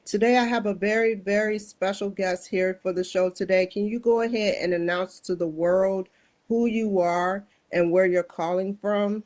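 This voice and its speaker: A woman's voice: mid-range voice, fairly even intonation, moderate pace, darkish tone. A woman hosting an interview show who asks her guest direct questions in a friendly way. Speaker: host.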